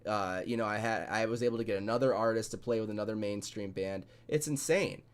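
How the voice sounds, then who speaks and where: A man's voice: lowish voice, fast talker, clear, resonant tone. A man in a casual podcast chat, talking bluntly and rambling with plenty of swearing.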